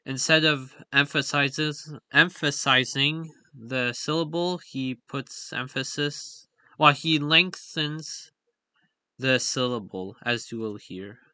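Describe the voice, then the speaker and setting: Guy talking slow and halting, lots of ums, bright clear voice. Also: mid-range voice, dry recording. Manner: hesitant, many fillers and self-corrections. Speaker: language hobbyist explaining stress patterns. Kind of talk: casual explainer with on-screen examples.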